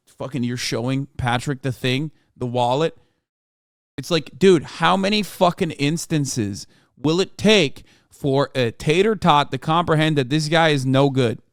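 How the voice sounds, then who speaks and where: A man's voice: fairly high pitch, no room sound, studio quality. A man streaming a reaction to a news article, heated and profane, rambling in bursts. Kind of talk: reaction commentary.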